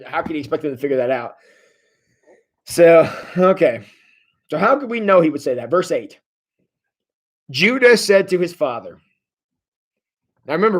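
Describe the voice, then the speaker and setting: A man's voice: fairly high pitch, a bit bright. A man leading a livestreamed church Bible study in a casual, wry way, often restarting his sentences and chuckling.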